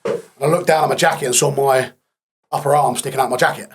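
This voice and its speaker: A man as a podcast guest, telling his story candidly in a blunt, matter-of-fact way with dark humour. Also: medium pitch, steady tone, quick pace, husky.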